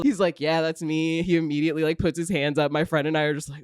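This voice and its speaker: A woman in her thirties, a podcast guest, telling a story in casual chat, animated, acting out voices and laughing often. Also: low-pitched, fast talker, hardly any pauses, clear, resonant tone, no echo, studio quality.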